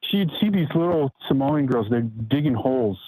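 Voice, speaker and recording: A man's voice: mid-range voice, expressive, normal speed, warm tone, breathy edge, no room sound, poor audio. A man on a call-in show telling a story, checking in often with "right?". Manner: tells anecdote with frequent "right?" checks. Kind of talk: casual call-in chat.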